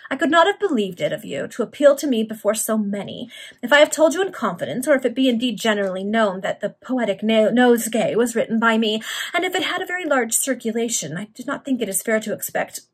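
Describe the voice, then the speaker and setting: A vain young lady novelist drawls in an affected, languishing way, as a woman acts her out. The voice is lifted and breathy. She fishes for praise while pretending to avoid it. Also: on the high side, lively intonation, fast talker.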